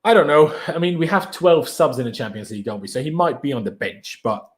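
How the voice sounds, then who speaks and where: A young man from Austria, whose first language is German, chats casually on a live stream, energetic and slangy as he hypes his viewers. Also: a little high, fairly quick. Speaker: livestream host.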